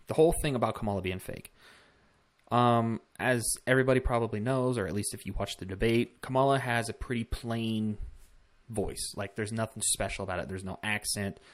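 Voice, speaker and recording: A man hosting a casual political commentary vlog, talking bluntly with swearing and rambling asides. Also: on the low side. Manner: blunt, profane, rambling with fillers.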